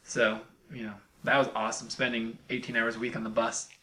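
Young guy hosting a podcast, bright crisp voice, laughs a lot, chatty. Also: medium pitch, little pitch movement, brisk. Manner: upbeat, laughs often, reads listener mail aloud. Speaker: podcast host. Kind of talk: casual chat.

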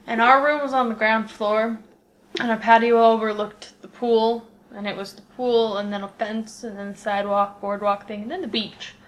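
A woman tells a story in a low-key, understated way during a casual podcast chat. Her voice sits fairly high. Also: steady tone, moderate pace.

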